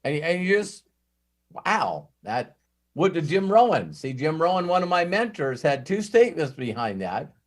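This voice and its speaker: A man coaching a live mastermind group, telling animated stories and acting out quoted dialogue. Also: a little high, unhurried.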